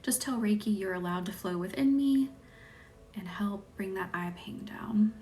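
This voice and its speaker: Soft-spoken Southern woman, half whispering. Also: medium pitch, moderate pace, a little hiss or hum. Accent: light Southern American. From American South. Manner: soft, often drops to a whisper; chatty, laughs easily, thanks viewers by name. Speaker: Reiki practitioner hosting a live stream. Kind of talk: live-stream chat with viewers during a Reiki session. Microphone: phone or webcam on a live stream.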